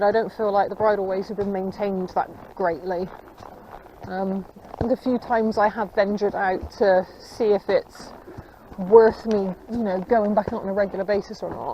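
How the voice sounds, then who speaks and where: Out on a country trail on horseback, a woman with a mellow, mid-range voice rambles casually at a moderate pace, chatting to her viewers and turning to her horse between asides. She's an equestrian vlogger filming on a body-mounted camera, and the recording sounds slightly dull, with faint noise from outdoors.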